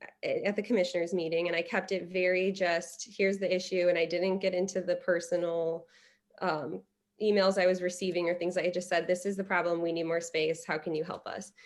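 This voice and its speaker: A young adult woman from Illinois, a podcast guest telling a story in a lively, conversational way, with many restarts. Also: lowish voice, a little fast. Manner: animated, many restarts and quoted dialogue.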